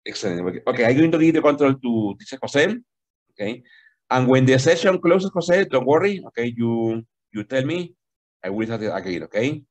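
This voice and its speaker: Brief: husky-voiced man, English teacher on a video call, lively pitch, patient and repetitive. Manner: explains slowly, repeats "okay?" and switches into Spanish. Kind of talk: online language lesson.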